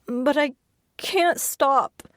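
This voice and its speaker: A woman's voice: medium pitch, expressive, takes it slowly, no echo, clean studio sound, pitched above the performer's own voice. A woman voicing an injured young woman who is shaky and pleading. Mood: tearful, pleading. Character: hurt, tearful young woman in hospital.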